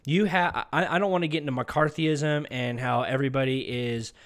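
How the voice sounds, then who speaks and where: An online commentator delivers an emphatic political monologue, frequently tagging his lines with "okay." He speaks at normal speed with a medium-pitched, fairly bright voice.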